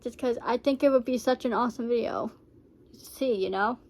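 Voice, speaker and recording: A woman's voice: on the high side, brisk, darkish tone, a little hiss or hum. A woman vlogger rambling heartfelt reaction commentary, full of fillers.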